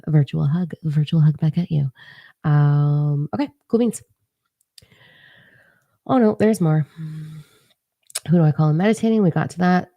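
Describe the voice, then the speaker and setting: Woman, young adult, low gravelly voice, dry close mic; blunt, swearing livestream host reading cards for chat. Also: no echo. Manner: blunt, profane, animated, talks to chat viewers. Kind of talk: casual livestream chat, tarot-style reading.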